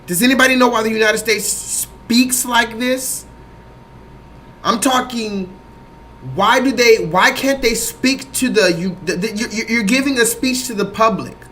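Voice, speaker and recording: A man hosting a livestream, talking loosely and profanely to his chat in a rambling, animated way. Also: very high voice, unhurried, a little hiss or hum. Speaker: livestream host. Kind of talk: livestream commentary.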